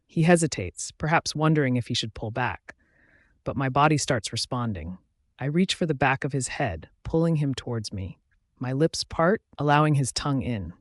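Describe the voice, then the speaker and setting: A man narrating a first-person fantasy romance audiobook in a steady storytelling voice. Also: on the high side, dry recording, clean studio sound.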